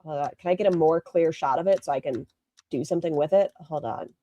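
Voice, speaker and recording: Reacting to a clip on her live stream, this host from the northern United States near Canada is blunt, sarcastic, and swears a lot. She talks quickly in a deep, mellow voice. The highs in the audio are cut off.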